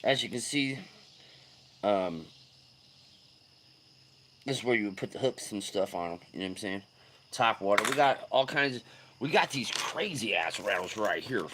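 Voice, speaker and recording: A man hosting a fishing livestream, chatting casually and loudly greeting viewers with slang. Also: on the low side, animated, moderate pace, pauses often, a little hiss or hum. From California.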